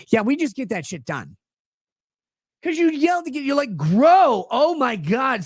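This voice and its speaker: Recorded cleanly and dry in a studio, this legal commentary host has a voice on the high side. He keeps the livestream casual, reading out chat messages and sarcastically playing off them.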